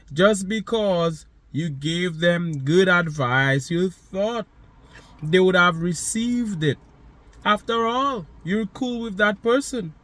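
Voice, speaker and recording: A man with a high voice delivers a motivational monologue at an unhurried pace. He stresses his words and circles back to the same phrases as he talks straight to the listener. The sound is close and dry. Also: a bit bright, no room sound. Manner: slow, emphatic, addresses the listener directly with repeated phrases. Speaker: motivational speaker.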